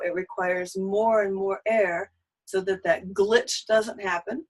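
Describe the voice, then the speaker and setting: A woman in a singing lesson talks her students through breathing drills in a calm, patient, coaching way. Her voice sits in an ordinary middle range for a woman, and she gives short, clear cues one step at a time. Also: mid-range voice, poor audio. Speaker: voice teacher.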